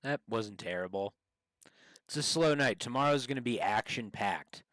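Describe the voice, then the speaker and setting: A man's voice: mid-range voice, lively intonation, normal speed, fairly bright tone, a little hiss or hum, rough recording. A man streaming and chatting casually with strangers, rambling with many fillers and restarts. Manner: rambling, hesitant, lots of fillers. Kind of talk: casual livestream chat.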